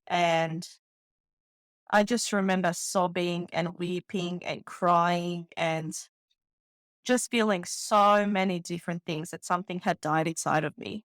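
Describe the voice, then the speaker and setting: A woman's voice: on the low side, fairly even intonation, unhurried, no room sound. A woman from the Balkans in her thirties, a podcast host speaking candidly and from the heart in a personal monologue, with lots of "you know". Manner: heartfelt, candid, many fillers.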